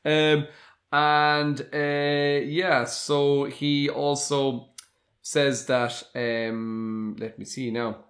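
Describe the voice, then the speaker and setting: A man co-hosting a podcast, recapping a TV episode in casual chat and acting out quoted lines as he goes. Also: on the high side. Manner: animated retelling with quick quoted asides. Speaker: podcast co-host.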